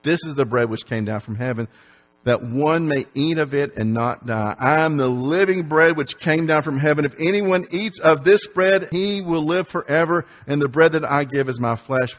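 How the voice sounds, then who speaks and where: A man's voice: medium pitch, normal speed. A man preaching a sermon in a church, reading scripture aloud and asking the congregation rhetorical questions. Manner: reads scripture aloud and leads the congregation in call-and-repeat; asks rhetorical questions with rising emphasis.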